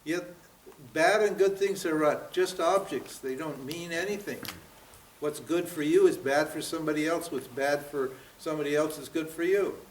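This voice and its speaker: A man's voice: on the high side, moderate pace, a little hiss or hum. A man in his seventies giving a spiritual seminar lecture, pressing his listeners with rhetorical questions and frequent "huh?" and "what?". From United States. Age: 70s. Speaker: spiritual teacher. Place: seminar room at a yoga center. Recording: roomy, from far off.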